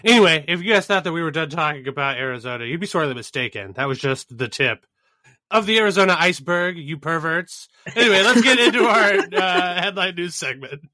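A man's voice: a little high, animated, a little fast, pushed and bright, no echo. A man hosting a casual political comedy podcast, teasing and wry, with stumbling restarts. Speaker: podcast host. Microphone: remote call recording.

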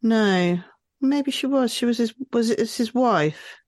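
A woman co-hosting a casual podcast, easygoing and quick to laugh, thinking aloud as she answers quiz questions. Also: fairly high pitch, a little mellow, dry recording, studio quality. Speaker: podcast co-host. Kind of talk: casual chat.

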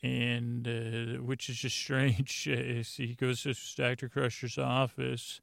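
In a clean studio recording with no echo, a man hosts a bedtime podcast, his medium-pitched, creaky voice moving slowly with little pitch change. He meanders through an episode recap, full of fillers and restarts, casually retelling scenes with "he goes."

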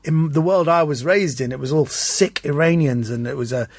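A man, a comedian guest, telling anecdotes in an animated way in casual chat and acting out the voices he quotes. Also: a little high, normal speed, no room sound.

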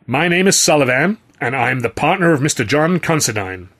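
A male reader voices a powerful boss who talks with polished, oily courtesy. The voice is husky and pitched higher than the narration, with veiled threat under every pleasantry. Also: very animated, fairly quick, fairly bright tone, heavily acted. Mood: falsely courteous. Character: menacing powerful male city boss, smooth-talking.

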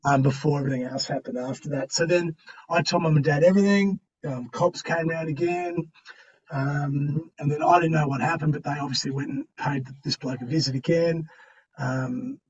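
A husky Australian man with a voice sitting a little high for a man. He talks slangy and loose, pausing and restarting as he tells his own story. He sounds set back from the mic, and the recording is dull. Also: steady tone, recorded from a distance. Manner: slangy and conversational, with many pauses and restarts. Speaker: podcast guest. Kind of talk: candid storytelling.

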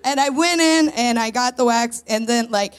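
A woman's voice: fairly high pitch, moderate pace, clean tone. A woman in her thirties doing a chatty, self-deprecating stand-up set on a stage before a live audience. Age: 30s. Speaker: stand-up comedian guest.

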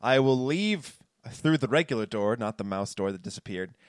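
A man's voice: mid-range voice, expressive, smooth, dry recording, clean studio sound. A man taking part in a tabletop game as a player, joking and playful. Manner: playful and jokey, quick to laugh.

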